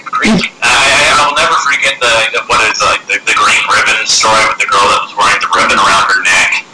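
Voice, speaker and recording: A man's voice: on the low side, fast. A man being interviewed as an actor, chatting casually and acting out voices as he tells stories, laughing often. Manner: animated storyteller, acts out voices, laughs often. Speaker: actor guest. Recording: echoey room, loud background noise.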